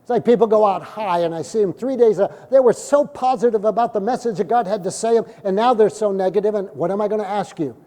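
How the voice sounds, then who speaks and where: High-voiced pastor preaching in reverberant church. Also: male voice, fast, hardly any pauses. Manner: storytelling, acting out dialogue with sudden loud bursts. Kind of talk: sermon. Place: church sanctuary. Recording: long hall reverb from a church.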